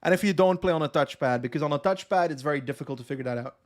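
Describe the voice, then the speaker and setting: A man's voice: on the high side, very fast. Chatty Flemish man streaming a game. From West Flanders, Belgium. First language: Dutch (West Flemish). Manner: chatty, reads chat aloud and answers. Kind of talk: live gameplay commentary.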